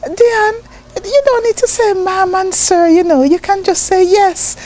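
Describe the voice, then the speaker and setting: A woman voicing an affectionate, excited young mother who gushes over her child in a high voice. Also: unhurried. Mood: gently correcting. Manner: gushing, high-pitched.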